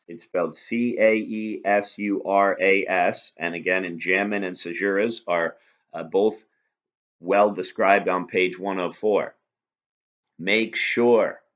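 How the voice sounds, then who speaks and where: A man's voice: low voice, fairly bright tone, lo-fi sound. A man teaching a recorded lesson, explaining patiently and asking rhetorical questions. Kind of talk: recorded lecture review.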